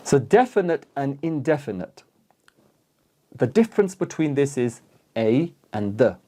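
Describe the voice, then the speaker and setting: Slow, mellow-voiced male English teacher. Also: mid-range voice, very animated. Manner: patient, repeats examples aloud. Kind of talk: online grammar lesson.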